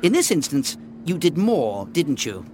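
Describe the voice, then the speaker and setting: A man's voice: a little high, big pitch swings, unhurried, darkish tone, slight background noise. A man directing a voice actor in a studio, bossy and sarcastic. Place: recording studio.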